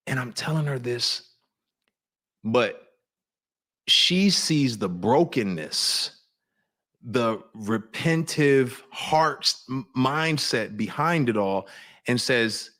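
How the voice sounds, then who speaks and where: A man's voice: mid-range voice, expressive, takes it slowly, a bit bright. A man speaking as an interview guest, telling a personal story in an earnest, reflective way, often restarting his sentences. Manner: confessional.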